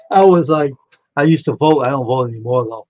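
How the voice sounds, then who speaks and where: A man's voice: medium pitch, expressive, moderate pace, a little mellow, dry recording. A man co-hosting a live stream, telling rambling anecdotes in casual chat and chuckling as he goes. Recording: slightly dull lo-fi sound.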